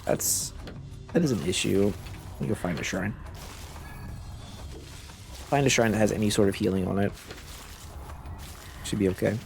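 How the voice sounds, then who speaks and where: Gaming host, male, low and gravelly, sore throat, laid-back running commentary. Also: moderate pace, long pauses, a little mellow, slight background noise. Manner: low-key, musing aloud while playing. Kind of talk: casual gameplay commentary. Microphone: cough drop in mouth.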